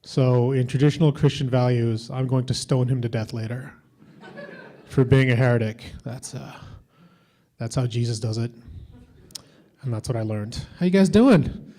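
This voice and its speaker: A man from the Philippines performing a stand-up comedy set at a convention, offhand and deadpan with lots of fillers. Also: mid-range voice, moderate pace, long pauses. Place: convention stage before a crowd.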